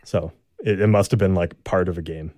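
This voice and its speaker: Young male co-host, casual and halting, slightly low voice, dry close recording. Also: no echo. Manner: relaxed, halting, many fillers and restarts. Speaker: sports podcast co-host. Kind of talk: casual chat.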